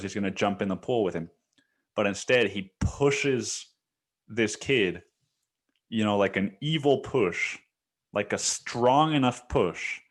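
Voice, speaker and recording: A man's voice: fairly low pitch, fairly bright tone. A young man hosting a solo podcast, telling a story in a rambling, profane way with many restarts. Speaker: podcast host.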